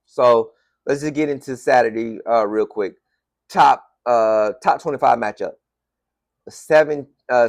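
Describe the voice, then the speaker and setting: A man's voice: mid-range voice, dry recording. A man in his forties from Florida with a Southern US accent, hosting a casual sports podcast monologue with emphatic, repetitive delivery. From Florida, USA. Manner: animated, emphatic, repeats phrases for effect. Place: home room with team decorations.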